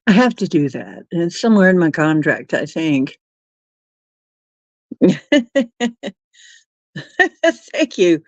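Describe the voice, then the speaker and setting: A woman's voice: on the low side, big pitch swings, slow pace, long pauses, no echo. A woman hosting a live stream, chatting casually with viewers and giggling often. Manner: giggly, laughs often while reading chat.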